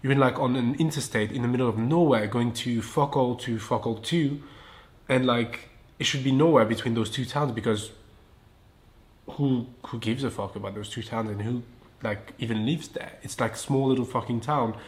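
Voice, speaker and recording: Speaking at a moderate pace with a medium-pitched voice, a man from France runs a one-person podcast. The talk rambles casually in his French accent, full of curse words, laughs and digressions.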